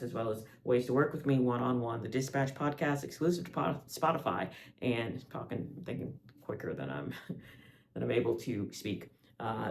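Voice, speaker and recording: A man at a middle pitch delivers a spiritual podcast monologue. He rambles, doubles back and restarts his sentences, and laughs lightly between phrases. A faint hiss of noise sits under the recording. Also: a little mellow. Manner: rambling, many restarts and asides. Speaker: podcast host.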